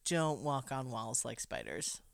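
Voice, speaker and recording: A woman's voice: rumbling low, big pitch swings, measured pace, gravelly, no echo. A woman co-hosting a podcast, retelling a film scene by scene in a casual, wry and dramatic way. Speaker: podcast co-host recapping a film. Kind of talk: casual recap narration.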